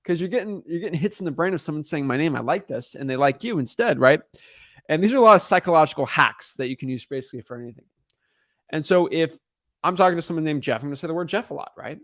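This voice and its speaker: Man with a bright voice teaching casually. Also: fairly high pitch, animated, fast, no room sound, clean studio sound. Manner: keeps checking in with "right?" and "okay?", frequent restarts. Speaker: real estate wholesaling instructor.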